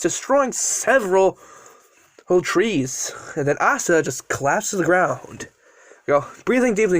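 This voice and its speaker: A man's voice: high-pitched, animated, measured pace, fairly bright tone, no echo. A man casually telling a fan-made story, rambling and often correcting himself. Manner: rambling, frequent self-corrections.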